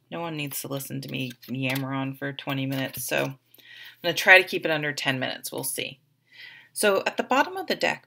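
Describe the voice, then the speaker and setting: A woman's voice: low voice, creaky, a bit bright. A woman giving a casual, chatty tarot reading to the camera, rambling a little with restarts and asides. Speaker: tarot reader.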